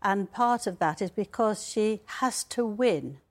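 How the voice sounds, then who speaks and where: A woman's voice: medium pitch, lively intonation, measured pace, darkish tone. A woman commenting on a TV debate, firm and opinionated, with some hesitations. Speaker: royal commentator and biographer.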